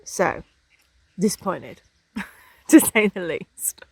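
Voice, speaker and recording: A woman's voice: fairly low pitch, lively intonation, drawn-out words, gravelly, a little mellow, husky, no echo. A woman chatting casually for a travel vlog outdoors, with many hesitations and ums. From England. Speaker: vlogger. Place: outdoors in hills.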